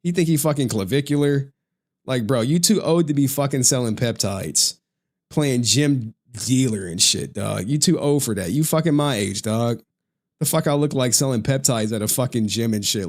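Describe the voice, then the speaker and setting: A man's voice: mid-range voice, moderate pace, darkish tone. A man on a livestream ranting in a slangy, profane, trash-talking style, laughing often. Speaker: streamer.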